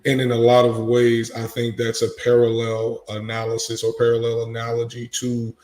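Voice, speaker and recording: A man hosting a podcast, speaking in a measured, thoughtful way. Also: mid-range voice, completely flat delivery, darkish tone. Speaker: podcast host. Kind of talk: casual conversation. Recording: echoey room.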